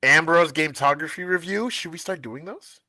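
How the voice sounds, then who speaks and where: A man from the United States chatting casually on a live stream as co-host, telling animated family stories and laughing often. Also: a little high, moderate pace, no echo.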